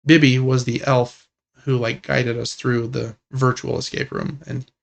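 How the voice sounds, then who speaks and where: A young man co-hosting a casual gaming podcast, talking in a relaxed, rambling and enthusiastic way. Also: medium pitch, unhurried, vocal fry. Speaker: podcast co-host.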